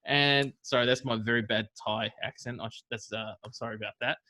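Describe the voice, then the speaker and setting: A man co-hosts a relaxed podcast. His voice is bright and forward, and he chats and teases his guests easily. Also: medium pitch, a little fast. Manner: chatty, teasing. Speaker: podcast co-host. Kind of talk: casual chat.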